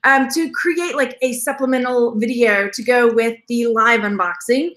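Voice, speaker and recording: Bright high-voiced chatty woman host. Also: fairly even intonation, normal speed. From Texas. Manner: rambling, chatty, laughs often. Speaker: jewelry reseller, channel host. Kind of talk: live-stream chat with viewers.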